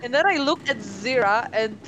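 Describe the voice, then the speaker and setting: A woman playing a tabletop game, excitable and easily alarmed. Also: fairly high pitch, normal speed, a little hiss or hum, low-quality recording. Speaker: player. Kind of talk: casual tabletop play.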